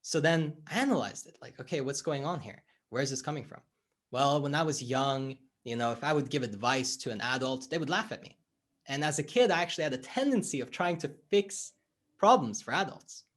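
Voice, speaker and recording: A life coach being interviewed talks a little fast in a fairly high-pitched male voice. He explains his ideas conversationally and, animated, acts out bits of dialogue as he recounts stories.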